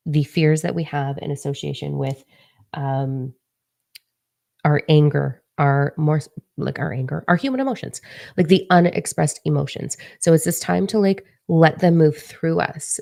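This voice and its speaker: A woman's voice: sits low, gravelly, dark tone, dry recording, clean studio sound. A young woman giving a chatty spiritual talk, swearing freely and acting out other people's voices. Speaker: spiritual channeler. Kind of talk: casual spiritual vlog talk.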